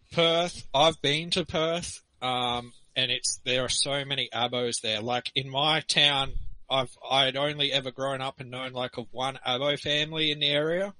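A man's voice: medium pitch, sharp tone, no echo, low-quality recording. An Australian man talking loosely in a casual group discussion, rambling and laughing between points. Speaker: forum participant.

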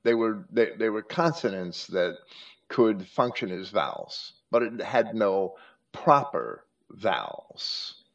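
A man with a lowish voice leads a scripture study lecture, his pitch rising and falling freely as he explains. He talks slowly and deliberately, pausing and restarting often. The recording sounds muffled and lo-fi. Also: very animated. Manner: deliberate, explanatory, with frequent hesitations. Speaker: host.

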